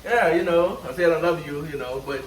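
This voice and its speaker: A young man with a New Orleans accent chats in a loose, rambling way and packs in "you know" and "and everything" at a quick clip. He sits a little back from the mic in an echoey room. A faint hiss runs under him. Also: a little high. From New Orleans, Louisiana. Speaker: boyfriend of the vlogger, cameraman. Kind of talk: casual storytelling chat. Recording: roomy and a bit distant, faint hiss.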